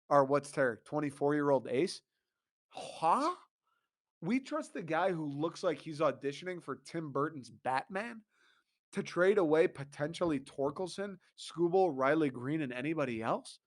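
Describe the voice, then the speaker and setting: A young man, host of a sports talk show, ranting with profane exasperation and mocking laughs. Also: on the high side. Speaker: podcast host.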